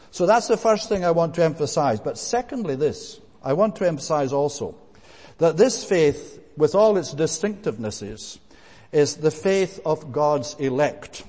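A man delivers a sermon in a somewhat high voice, pressing his points with repeated emphasis and stumbling through hesitant fillers. His words ring out with the long reverb of a church hall. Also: dark tone. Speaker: preacher.

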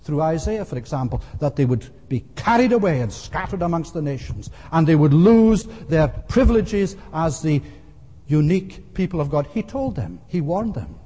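A man preaching a sermon earnestly and emphatically, often pausing with "uh" as he explains. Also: fairly high pitch, very animated, warm tone, husky. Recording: long hall reverb.

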